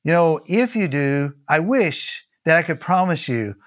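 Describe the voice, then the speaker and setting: Earnest Texan pastor preaching. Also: male voice, a little high, expressive, unhurried. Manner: earnest, repeats key phrases. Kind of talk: devotional sermon.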